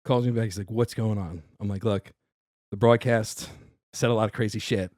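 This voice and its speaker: A man's voice: fairly low pitch, fairly even intonation, moderate pace, darkish tone, no room sound, studio quality. A middle-aged man with a New York accent, a comedian guest telling a story in casual podcast chat, acting out both sides of the dialogue. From Staten Island, New York.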